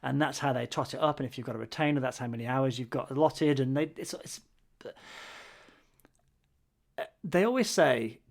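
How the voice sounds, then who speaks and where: A man's voice: mid-range voice, normal speed, gravelly, pauses often. A man co-hosting a podcast in casual chat, with wry, grumbling humor and frequent restarts. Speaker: podcast co-host.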